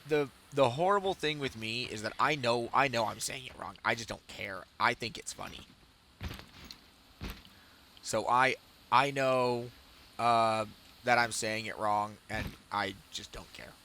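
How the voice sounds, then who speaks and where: Gravelly man telling rambling stories. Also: fairly low pitch, pushed and bright, a little hiss or hum. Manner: rambling, self-amused storytelling. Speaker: game streamer. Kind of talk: casual chat while streaming a game.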